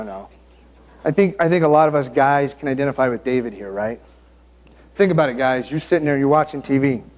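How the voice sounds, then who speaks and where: Animated male preacher telling a story. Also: mid-range voice. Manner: animated storytelling, acting out the scenes; joking and self-interrupting. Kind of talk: sermon.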